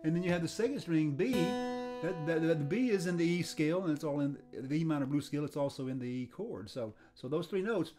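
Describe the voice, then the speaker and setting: An older man giving a casual guitar lesson, talking in a relaxed, halting way and often repeating words as he restarts his sentences. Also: on the high side. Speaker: guitar teacher. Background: faint guitar playing.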